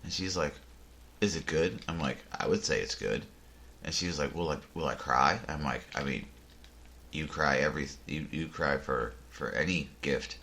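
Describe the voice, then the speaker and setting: Man, very low voice, casual podcast chat, rambling, deadpan jokes. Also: moderate pace, creaky. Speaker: podcast host. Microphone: headphones and desk mic.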